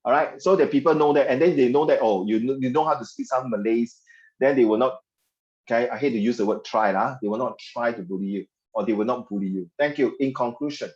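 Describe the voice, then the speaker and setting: A man's voice: mid-range voice, fast, a little mellow. A man with a Singaporean accent teaching an online English class, chatty and joking, mixing in local slang. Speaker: English tutor. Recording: dull lo-fi audio.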